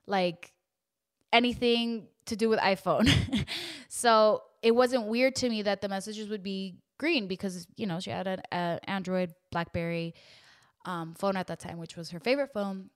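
A young woman hosting a podcast, telling a painful personal story in an emotional, halting way with lots of fillers and restarts. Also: medium pitch, fairly even intonation. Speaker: podcast host.

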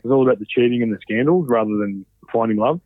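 A man's voice: medium pitch, quick pace, no echo. Man, casual storyteller, swears a lot, tinny phone-like audio, dry. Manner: animated, swears freely, acts out quotes. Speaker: podcast guest, former reality show contestant. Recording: dry, phone-like narrow sound.

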